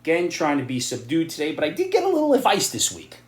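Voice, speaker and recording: A man's voice: on the high side, wildly swooping pitch, fast talker. Middle-aged guy ranting, sarcastic and blunt, voice jumps all over, echoey room. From New York area. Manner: blunt, sarcastic, rising to loud outbursts. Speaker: vlogger giving opinions and advice. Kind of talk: ranting opinion monologue.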